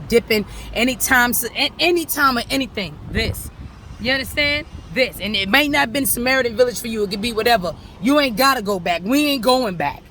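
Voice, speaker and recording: Bright-voiced New woman on the street. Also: mid-range voice, slight background noise. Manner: animated, rambling, addresses viewers directly. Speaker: vlogger in addiction recovery. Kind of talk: casual talk to followers. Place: outdoors on a city street with traffic.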